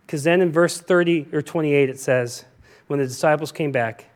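A male pastor preaching a sermon, animated and emphatic, often repeating himself as he explains scripture. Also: fairly high pitch, normal speed.

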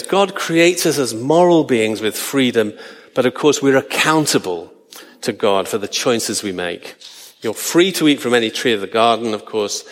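A man preaching a sermon, earnest and slowing down for emphasis. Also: mid-range voice, in a large hall.

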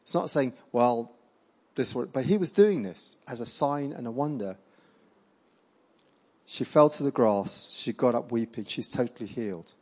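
Man, middle-aged, preacher, storytelling sermon, lively delivery, acts out voices. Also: mid-range voice, measured pace. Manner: animated storyteller acting out quoted voices. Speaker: evangelist preacher.

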